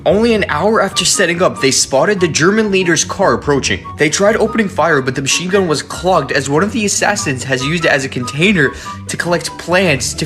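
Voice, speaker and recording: A man's voice: a little high, fairly bright tone. A man reading out a short story in a matter-of-fact way as scripted narration.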